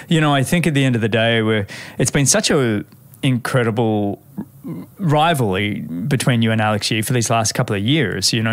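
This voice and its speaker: A man's voice: mid-range voice, dry recording. A man hosting a podcast interview in a friendly, chatty way, calling his guest mate. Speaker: podcast host. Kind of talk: casual interview chat.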